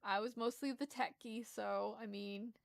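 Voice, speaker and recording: A woman's voice: fairly high pitch, steady tone, unhurried, vocal fry, no echo, studio quality. A woman from Rhode Island with a Rhode Island accent tinged with Southern, a lisp, chatting casually and rambling while streaming a game. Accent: Rhode Island mixed with Southern US. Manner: rambling, self-deprecating, many restarts. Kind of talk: casual gameplay chat.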